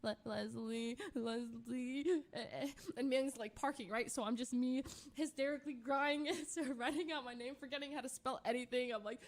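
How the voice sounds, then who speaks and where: A woman streamer casually retelling a tense, emotional story, animated and full of fillers. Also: on the high side, moderate pace, slight background noise.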